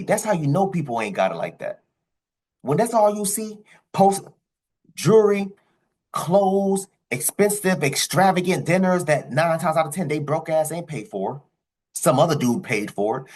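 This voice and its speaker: Husky man in a blunt rant. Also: a little mellow, poor audio. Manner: emphatic, blunt, profane, pitch jumping high on stressed words. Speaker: commentary vlogger reacting to a clip. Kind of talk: ranting commentary.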